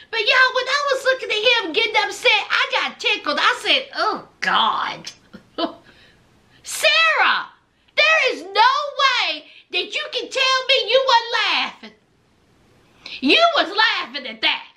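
A woman's voice: very high-pitched, bright, forceful tone. A woman hosting a reality TV recap, sassy and teasing, talking straight to her viewers.

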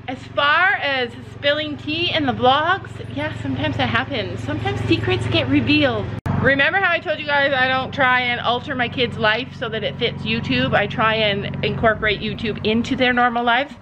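A woman's voice: sits high, moderate pace, noisy background. Rambling mother vlogging outdoors. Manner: rambling, breathless storytelling with many fillers. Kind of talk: casual vlog chat. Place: outdoors by a horse near a road.

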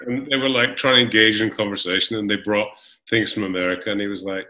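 A man's voice: on the low side, fast, slight background noise. A middle-aged man from Scotland, a guest actor chatting in an interview, rambling through fillers and restarts as he tells stories. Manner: rambling, full of fillers and restarts, animated storytelling. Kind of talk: casual interview chat. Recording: roomy echo.

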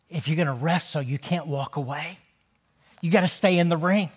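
A man pastor preaching a sermon in a church, moving between loud, emphatic proclaiming and hushed, near-whispered passages. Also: on the high side, normal speed, breathy edge.

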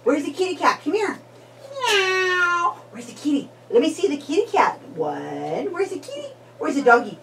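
High sing-song woman cooing at a toddler. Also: huge pitch swings, moderate pace, fairly bright tone. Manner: sing-song, coaxing, squealing calls. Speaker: family member playing with a toddler. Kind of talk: playful baby talk. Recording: distant, noisy home video.

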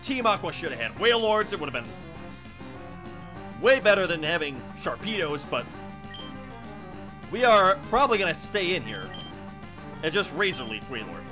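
A man hosting a game let's play, chatty and excitable, talking to viewers, his throat hoarse from coughing. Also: high-pitched, normal speed, long pauses, over music. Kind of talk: game commentary.

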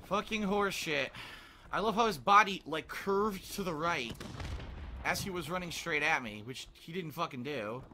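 A man's voice: a little high, moderate pace, bright, forceful tone, slight background noise. A young man commentating his own gameplay, ranting and swearing in exasperation. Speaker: gaming commentator. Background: faint gunfire from the game.

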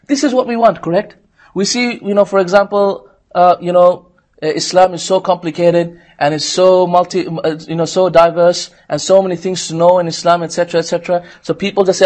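A man's voice: high voice, a little fast. A man giving an Islamic lecture, telling stories and acting out voices in a raised tone, often asking the audience to agree. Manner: animated storytelling, acts out the devil's coaxing in a raised voice. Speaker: preacher.

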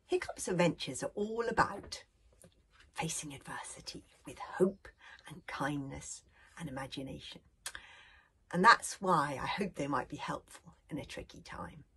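A British woman reads a children's adventure aloud, her lowish voice swooping widely in pitch. She leans into the drama and slips into hushed whispers for the tense moments. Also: a little slow. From United Kingdom. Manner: expressive, often dropping to a whisper. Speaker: children's author reading her book. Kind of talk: storybook reading aloud.

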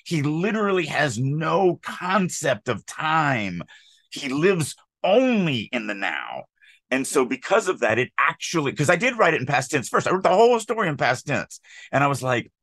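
A man's voice: on the high side, big pitch swings, normal speed, fairly bright tone, dry recording. A middle-aged man co-hosting a writing podcast, talking casually in an opinionated, emphatic way with rambling asides. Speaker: podcast co-host, author. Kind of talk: casual chat on writing craft.

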